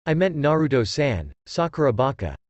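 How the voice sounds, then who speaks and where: A man voicing a cool, aloof boy who speaks slowly and calmly. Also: medium pitch, dry recording, natural voice. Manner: slow, cool and flat.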